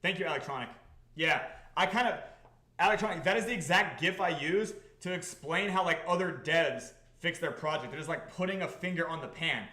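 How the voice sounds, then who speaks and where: A man hosting a livestream about his crypto project, talking to the chat in an excitable, profane, repetitive way. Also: fairly high pitch, a little fast, roomy sound. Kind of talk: livestream talk to a chat audience.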